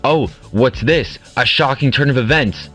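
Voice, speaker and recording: Smug teasing game show host guy who's really ice cream, a man doing it, comedy audio play, plain mid pitch. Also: unhurried, fairly bright tone, soft background music, close to an everyday voice. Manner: teasing, playful.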